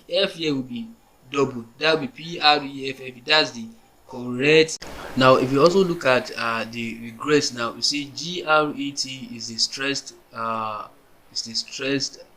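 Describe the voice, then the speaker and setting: A man's voice: mid-range voice, measured pace, pushed and bright, low-quality recording. A man teaching an English grammar lesson, spelling words out letter by letter, often restarting and checking with "you understand?". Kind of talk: explaining grammar on a whiteboard.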